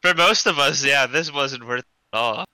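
A man with a gravelly, very bright and smooth voice rambles loosely in a casual podcast chat. He fills his sentences with "like". The sound is dry and close. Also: mid-range voice, moderate pace, dry recording, rough recording. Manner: rambling, says "like" constantly. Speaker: podcast co-host.

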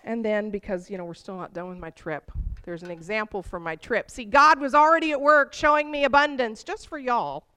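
A woman preaching from the pulpit, her voice sitting high. She tells personal stories with animated energy, rising as the feeling builds. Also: brisk, smooth. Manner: animated storytelling, voice rising with emotion.

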